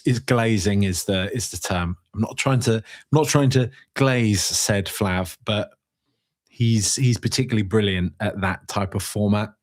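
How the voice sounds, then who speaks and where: A man around forty hosting a solo fan podcast on a studio microphone, reading live chat and reacting in an emotional, rambling way with lots of restarts. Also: lowish voice. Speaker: podcast host.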